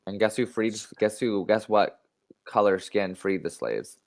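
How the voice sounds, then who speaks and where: A man's voice: fairly low pitch, a little slow, darkish tone. A young man hosting a casual podcast livestream from an unfinished home studio on a desk mic, brash and profane, rambling with lots of fillers. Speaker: podcast host.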